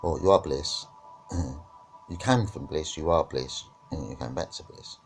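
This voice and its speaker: A man's voice: a bass voice, measured pace, faint music behind. A man teaching about witchcraft and spirituality in a reflective discussion, often checking in with "right?" and "yeah?".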